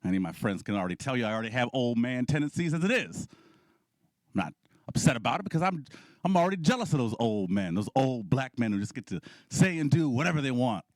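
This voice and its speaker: Male comic emcee, lively delivery, dry close sound. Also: medium pitch, quick pace, no room sound. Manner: animated storytelling with audience asides. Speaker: comedy showcase host. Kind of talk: stand-up comedy. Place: comedy club stage.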